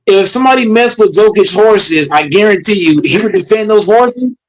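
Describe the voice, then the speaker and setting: A young man chatting casually about basketball, animated and profane, laughing as he trash-talks. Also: high voice, normal speed, poor audio. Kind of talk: casual sports banter.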